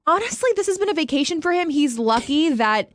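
A woman's voice: sits high, lively intonation, brisk, no room sound, studio quality. A woman co-hosting a casual talk show, blunt and jokey, swearing freely. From Mexican heritage. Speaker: co-host. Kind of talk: casual radio show banter.

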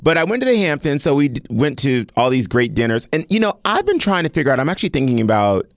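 A man co-host in casual chat, playful and expressive as he tells a story. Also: mid-range voice, quick pace, dry recording, clean studio sound.

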